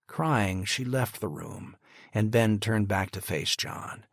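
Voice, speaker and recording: A man narrating an audiobook in a steady, even storytelling manner. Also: on the low side, takes it slowly, creaky, slightly rough, no echo, studio quality. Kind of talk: scripted narration.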